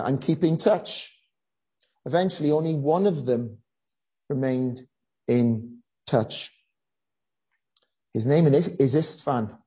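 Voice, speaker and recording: Slow, earnest preacher telling a story. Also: medium pitch, dark tone, slightly rough, poor audio. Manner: earnest storytelling with frequent pauses and fillers. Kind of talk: sermon.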